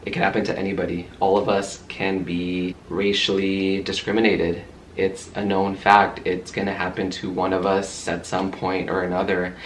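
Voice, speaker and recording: A man's voice: low voice, completely flat delivery, normal speed, a little hiss or hum. A man vlogger telling a story to camera in a heated, profane way.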